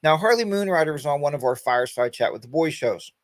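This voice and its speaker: A man's voice: fairly high pitch, animated, fast, dry recording. Rambling folksy man in his fifties, dry sound. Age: 50s. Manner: rambling, folksy, addresses viewers by name. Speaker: host of a weekend motorcycle chat stream. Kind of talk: casual livestream chat.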